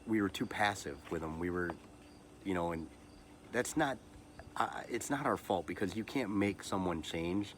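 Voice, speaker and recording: Very deep-voiced man, halting and earnest. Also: animated, a little hiss or hum. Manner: halting, repeats words and restarts often; earnest and emotional, motivational asides. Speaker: podcast host. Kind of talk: personal heartfelt monologue.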